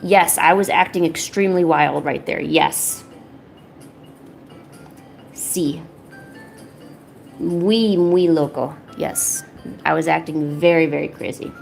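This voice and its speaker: A woman's voice: slow pace, vocal fry, long pauses, faint music behind. A young woman streaming casually from home, chatting and joking with her viewers. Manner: chatty, jokey, breaks into high baby talk with her cats. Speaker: art streamer. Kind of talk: casual livestream chat.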